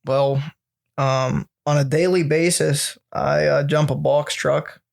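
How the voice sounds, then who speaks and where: A young man co-hosting a relaxed podcast, his voice a touch high. He wanders through stories with plenty of ums and likes, casual and loose, swearing freely. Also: slow, vocal fry. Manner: rambling, many fillers and laughs. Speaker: podcast co-host. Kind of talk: casual storytelling chat.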